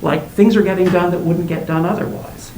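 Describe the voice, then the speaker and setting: A man on a select board, arguing his point in a public meeting, often halting and restarting. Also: high voice, fairly even intonation, dark tone. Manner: argumentative, halting. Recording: roomy, distant and noisy meeting recording.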